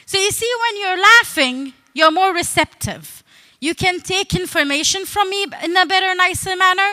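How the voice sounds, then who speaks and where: A woman's voice: extremely high pitch, moderate pace, sharp tone. A woman from the Emirates, giving a humorous stage talk as a comedian and storyteller in a playful, teasing, conversational way. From United Arab Emirates.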